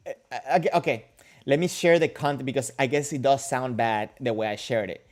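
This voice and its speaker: A man's voice: medium pitch, moderate pace. A man hosting a casual livestream, answering viewer comments and questions in a rambling, joking way with many restarts. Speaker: kendo livestream host.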